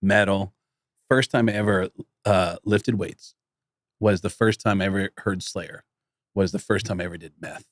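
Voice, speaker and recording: A middle-aged man co-hosting a casual podcast, telling stories in an animated way and acting out the people in them. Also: sits low, normal speed, no echo, studio quality. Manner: animated storyteller acting out voices. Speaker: podcast co-host. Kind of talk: casual chat.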